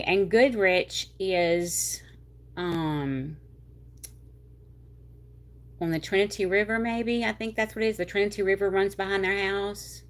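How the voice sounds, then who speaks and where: A chatty woman with a North Louisiana Southern drawl hosts a casual livestream, rambling as she reads viewer comments. Her voice sits a little low for a woman, and she draws out her words and throws in "y'all."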